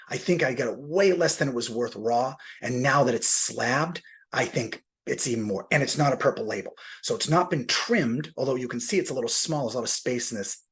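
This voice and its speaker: A man with a very husky, rough-edged voice at an everyday middle pitch. He talks casually while he unboxes, thinking aloud and poking fun at himself. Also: a bit bright. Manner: chatty and self-deprecating, thinking aloud. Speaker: comic book collector.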